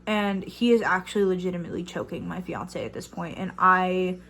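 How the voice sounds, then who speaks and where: A woman's voice: fairly low pitch, fairly even intonation, a little fast, creaky, a bit bright. A young woman in her twenties telling a casual storytime vlog, chatty, with lots of fillers and some swearing. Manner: chatty, many fillers, swears when riled. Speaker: vlogger.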